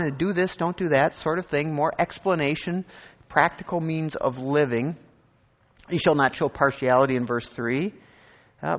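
A man preaching a sermon, animated and conversational, acting out scripture verses and imagined voices. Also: a little high, big-room sound. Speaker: pastor.

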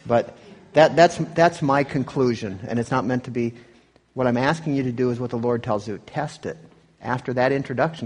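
A man's voice: medium pitch, a little mellow, husky, in a large hall. A man pastor giving a conversational sermon, often restarting and asking "right?". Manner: conversational, self-interrupting, rhetorical "right?". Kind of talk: sermon with commentary on clips.

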